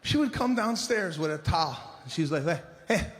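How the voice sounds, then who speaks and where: A middle-aged man doing a stand-up comedy set, telling stories in an exasperated, animated way and shouting his punchlines. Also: on the high side, a little fast, background noise.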